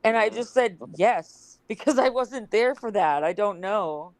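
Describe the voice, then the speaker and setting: A woman chatting casually as a panel guest on a voice call, animated when retelling things and hedging often. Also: medium pitch, unhurried, rough recording. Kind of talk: casual chat.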